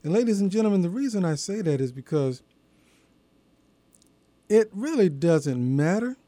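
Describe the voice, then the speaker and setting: A man hosting a religious radio program, preaching in a measured, emphatic way with deliberate pauses. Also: sits high, sing-song, warm tone, no echo. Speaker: radio show host and preacher. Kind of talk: radio sermon.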